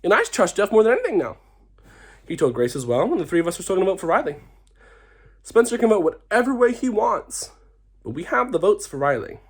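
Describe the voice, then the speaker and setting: A tipsy young man pours out a reality-show confessional with theatrical flair. His pitch swoops in a lively, animated way as he acts out the drama. He sounds loose and a little drunk. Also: a little fast, breathy edge. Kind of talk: confessional to camera.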